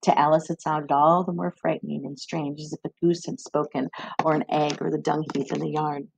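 Gravelly-voiced woman reading a story aloud. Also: low-pitched, little pitch movement, darkish tone, no echo, poor audio. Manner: measured storybook narration with acted voices. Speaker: reader.

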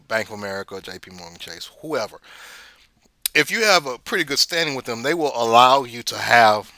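A man's voice: medium pitch, sharp tone, no room sound, studio quality. A man hosting a casual money commentary show, rambling and repeating words as he tells stories.

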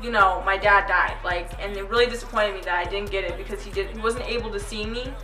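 A teenage girl telling a story to her vlog audience in a chatty, animated way. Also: mid-range voice, fast. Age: teens. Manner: chatty, animated retelling with quoted voices. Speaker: vlogger. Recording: echoey room, mic at a distance, faint music.

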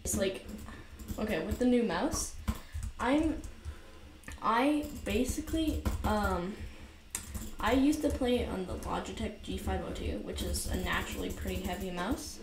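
A woman's voice: medium pitch, lively intonation, a little slow, pauses often. Rambling woman gaming in an echoey basement. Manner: rambling, filler-heavy, self-mocking, easily frustrated. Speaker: gaming commentator. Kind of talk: casual gameplay commentary. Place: cold basement room by a window. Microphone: new USB desk mic. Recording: roomy echo with noisy background.

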